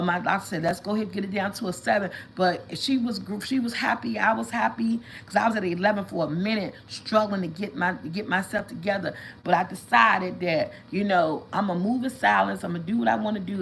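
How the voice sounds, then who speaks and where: A woman chatting casually with viewers on a livestream, telling animated stories and calling them y'all. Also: mid-range voice, gravelly, slight background noise, low-quality recording. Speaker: vlog host.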